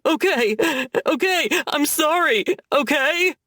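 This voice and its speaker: Casting: woman doing a high, squealing spoiled coward in an audiobook, loud panic. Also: expressive, takes it slowly, no room sound, studio quality, heavily acted. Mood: panicked. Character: cowardly spoiled young man, sobbing, squealing.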